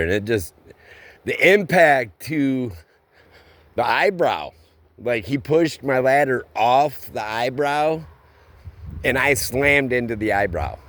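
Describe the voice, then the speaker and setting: A man's voice: mid-range voice, a bit bright, no room sound. A man telling a casual, rambling story from his roofing work, with plain everyday slang. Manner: slow, rambling delivery with plain spoken slang.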